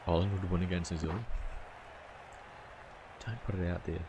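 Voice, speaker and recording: A man's voice: low-pitched, a little fast, lo-fi sound, background noise. A young man chatting casually to viewers on a live game stream, easygoing and full of questions. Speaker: gaming streamer.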